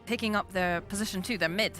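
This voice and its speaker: A woman's voice: mid-range voice, steady tone, fast, a bit bright, soft background music. A woman casting a live esports match who questions her co-casters about their draft reasoning. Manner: inquisitive, asks co-casters questions.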